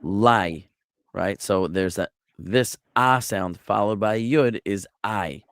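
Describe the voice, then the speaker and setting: A rabbi giving an online Bible Hebrew lesson, explaining step by step in a patient way with small jokes. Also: male voice, lowish voice, slow pace, fairly bright tone, no echo, clean studio sound. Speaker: rabbi teaching a Hebrew class.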